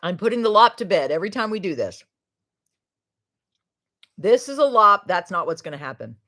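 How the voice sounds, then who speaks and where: A middle-aged woman hosts a casual livestream, her medium-pitched, fairly bright voice swinging widely in pitch at a normal speed. She chats in a rambling manner, laughs often, and trails off mid-sentence.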